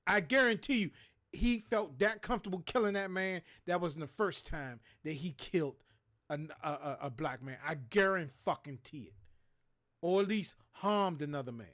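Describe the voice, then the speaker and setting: A man's voice: high voice, expressive, normal speed, a bit bright. A man hosting a livestream, ranting in a heated, profane, preachy way. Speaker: show host. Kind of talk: impassioned livestream rant.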